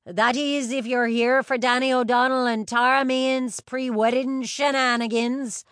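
A woman reading an audiobook and voicing an old bearded boat captain calling out in a drawn-out, booming way. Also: flat delivery, fairly bright tone, no room sound, clean studio sound. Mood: hearty.

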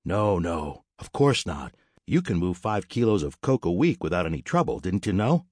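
A narrator puts on a cocky male smuggler, reckless and mocking, who smirks through every line. His voice is deep, a little raised and lively in pitch. The audiobook sound is dry and close. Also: moderate pace, husky, dry recording.

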